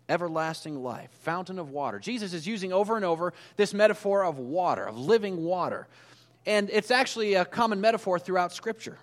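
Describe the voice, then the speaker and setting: Male pastor, conversational sermon delivery, slightly high voice, big reverberant hall. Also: a little fast. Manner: conversational, animated storytelling.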